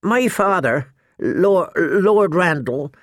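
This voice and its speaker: A man's voice: high voice, animated, slow pace, no room sound, clean studio sound, pitched above the performer's own voice. A man voicing a nervous, heavy young man who stammers and breaks off mid-phrase.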